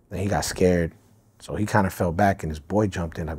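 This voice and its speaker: Low raspy-voiced guy on a podcast, cussing casually, lots of um and like. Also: a little fast, dark tone. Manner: profane, loose street talk with many fillers. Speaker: podcast guest. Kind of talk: casual storytelling.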